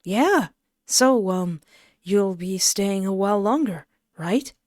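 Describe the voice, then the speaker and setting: A woman voicing a gentle young man who is nervous and guilty, stammering and apologizing in a narrated story. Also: mid-range voice, lively intonation, slow, no room sound.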